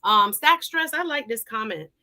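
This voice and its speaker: A woman hosts a live call-in show with a bright, forward voice pitched a bit high. She briskly affirms her callers and keeps the conversation moving. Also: expressive. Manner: brisk, affirming, moves guests along. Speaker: host.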